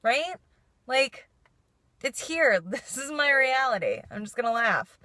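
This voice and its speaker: A woman's voice: high-pitched, expressive, unhurried, sharp tone, dry recording. A young woman vlogging in a casual, chatty way, saying "like" constantly and laughing through her frustration. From New York. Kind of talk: casual vlog chat.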